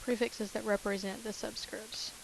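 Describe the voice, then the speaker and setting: A woman's voice: mid-range voice, level tone, moderate pace, gravelly, very noisy. A woman teacher talking through chemistry notes in a casual way, repeating key terms with many fillers. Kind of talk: recorded lecture over notes.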